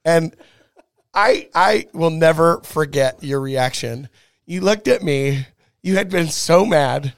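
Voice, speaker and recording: A young man, his voice sitting a little high for a man, tells a story in a casual chat. He acts out quotes with plenty of animation. The sound is dry and close, with no room echo. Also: takes it slowly, creaky.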